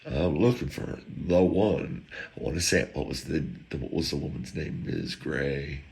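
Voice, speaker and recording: A man's voice: a bass voice, moderate pace, vocal fry. A man, a podcast host, telling a casual comic story and acting out the people in it. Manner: animated, acts out quoted people, jokes about word sounds.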